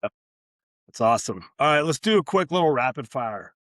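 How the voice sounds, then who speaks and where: A man's voice: mid-range voice, big pitch swings, fairly quick, fairly bright tone, dry recording, clean studio sound. A man hosting a podcast, chatting casually and making easygoing, encouraging remarks. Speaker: podcast host. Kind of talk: casual interview chat.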